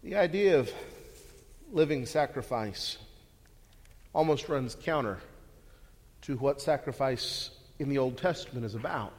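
A man's voice: mid-range voice, animated, measured pace, pauses often, darkish tone. A man preaching a sermon, earnest and full of rhetorical questions, often repeating words as he restarts. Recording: long hall reverb.

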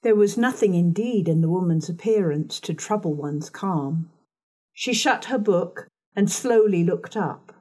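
Calm, unhurried woman narrator. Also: medium pitch. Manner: measured, calm. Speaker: audiobook narrator. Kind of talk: scripted narration.

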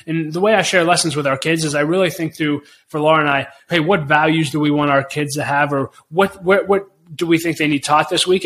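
An earnest middle-aged man hosts a solo podcast with a slightly raised pitch. He speaks in an encouraging, motivational way and often repeats his key points. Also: fairly bright tone. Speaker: podcast host.

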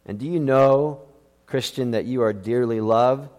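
A man's voice: mid-range voice, a little slow, a little mellow, big-room sound. A man preaching a sermon as a pastor, emphatic, with many rhetorical questions.

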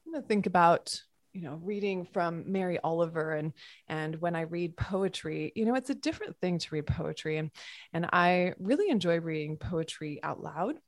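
A woman yoga teacher giving a reflective podcast talk, musing softly with halting restarts. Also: on the low side, lively intonation, no room sound, clean studio sound.

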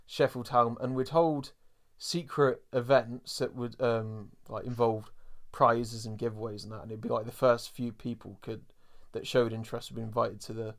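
A man co-hosting a podcast, chatting casually and laughing often as he recaps a cartoon episode, with lots of fillers. He is from England. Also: medium pitch. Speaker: podcast co-host.

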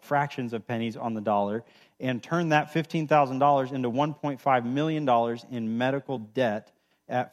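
Casual, upbeat man preaching. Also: medium pitch. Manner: casual and conversational, with fillers and repeated emphasis. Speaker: pastor. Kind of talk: sermon.

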